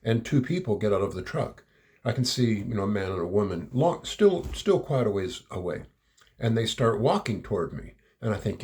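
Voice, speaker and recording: A man's voice: fairly low pitch, expressive, normal speed, a little mellow. A middle-aged man telling a rambling personal anecdote, repeating words and chuckling as he goes. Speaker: storyteller. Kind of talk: personal anecdote told aloud.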